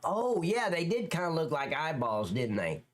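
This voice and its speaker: A man hosting a live stream in a loose, rambling chat, swearing freely and answering comments from viewers. His pitch swings widely from line to line. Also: wildly swooping pitch, moderate pace.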